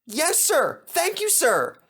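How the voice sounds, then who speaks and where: A man's voice: very high voice, wildly swooping pitch, slow, fairly bright tone, voice pushed up, full character voice. A man voicing an eager, polite young male tank engine in a storybook reading. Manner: polite and keen, many sirs.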